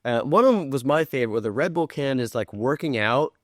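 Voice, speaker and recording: A man's voice: mid-range voice, lively intonation, fast, no echo, clean studio sound. A man in casual chat as a film producer guest, telling stories animatedly, acting out quoted lines and swearing casually.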